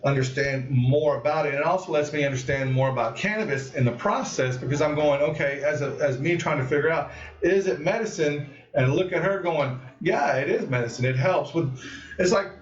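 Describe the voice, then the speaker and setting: A man hosting a live stream, telling a story in a rambling, animated way and acting out what others said. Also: a little high, fairly quick, distant mic. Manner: rambling, animated, with lots of restarts and acted-out quotes. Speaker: host of a live cannabis stream. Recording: muffled echoey room, voice off-mic.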